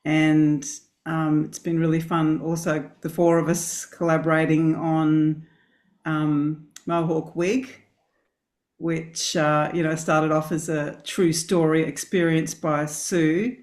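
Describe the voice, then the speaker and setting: A woman's voice: sits low, flat delivery, takes it slowly, a little mellow. Hesitant woman musician, thoughtful. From Australia. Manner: hesitant, many ums, thoughtful. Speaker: band member. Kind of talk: casual interview answers.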